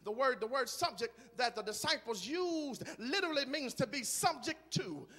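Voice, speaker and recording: A man preaching a sermon in a large church, moving from quiet talk to shouted, rhythmic preaching. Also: very high-pitched, animated, moderate pace, in a large hall. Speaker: guest preacher.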